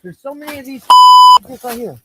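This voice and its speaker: High-voiced rambling man outdoors. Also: lively intonation, brisk, creaky, heavy background noise. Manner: rambling, streetwise, full of fillers. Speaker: local guide. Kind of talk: casual chat while walking. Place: outdoors in rural woods.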